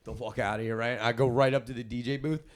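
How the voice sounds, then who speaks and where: A man's voice: medium pitch, steady tone, quick pace. Young man, podcast co-host, casual storytelling, rambling, profane, laughing often, mid-range voice.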